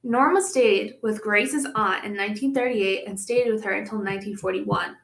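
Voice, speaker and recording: A woman's voice: medium pitch, normal speed, vocal fry, fairly bright tone. Young woman podcast host, casual true-crime storyteller, mid-range voice, recorded in an echoey room. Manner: reads the case with chatty asides and laughs. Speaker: podcast co-host presenting the case.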